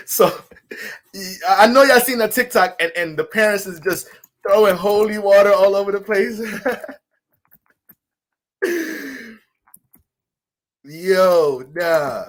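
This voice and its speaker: A man's voice: high voice, unhurried, pauses often. A man hosting a casual astrology livestream, loose and profane, joking and talking straight to his viewers.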